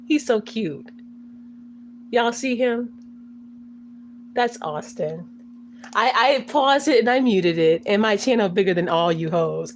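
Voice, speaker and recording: A young woman chatting casually on a livestream, swearing, slangy, and breaking into loud laughing fits. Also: mid-range voice, expressive, slow pace, long pauses, a little hiss or hum. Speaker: livestreamer reacting to chat.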